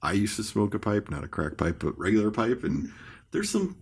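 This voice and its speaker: Deep, gravelly male co-host, easygoing and rambling, animated. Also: moderate pace. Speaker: podcast co-host. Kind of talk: casual chat.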